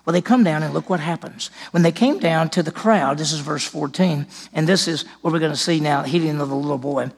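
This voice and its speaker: A man's voice: on the high side, brisk, creaky, hardly any pauses, husky. A man preaching a sermon in church, retelling a scripture story and acting out its dialogue. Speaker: pastor.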